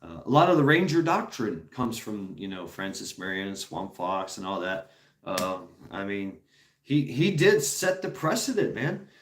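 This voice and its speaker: A man's voice: fairly low pitch, big pitch swings, a little slow, reverberant. A man hosting a stream, talking casually with viewers in a rambling, profane way and laughing often. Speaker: streamer host.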